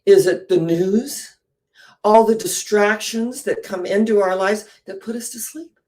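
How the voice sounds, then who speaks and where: A woman giving a spiritual storytelling talk, animated, often posing questions to her listeners. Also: medium pitch, measured pace. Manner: animated, poses rhetorical questions. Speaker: inspirational speaker.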